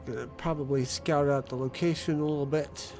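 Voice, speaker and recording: A man talks through his game in a relaxed, offhand way. His voice is warm and a touch high. Faint game music sits underneath. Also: fairly quick. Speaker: gameplay streamer. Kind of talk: casual gameplay commentary.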